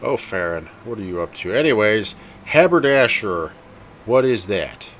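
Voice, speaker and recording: A man's voice: on the low side, lively intonation, moderate pace, slight background noise. Chatty man rambling over gameplay. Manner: rambling, chatty, self-correcting. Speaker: gameplay video host. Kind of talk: casual gameplay commentary.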